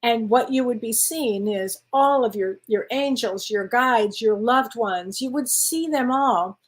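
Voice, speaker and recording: A woman's voice: on the high side, unhurried. A woman, a spiritual medium chatting encouragingly with viewers on a live stream. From Wisconsin, USA. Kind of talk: casual live-stream chat reading viewer comments.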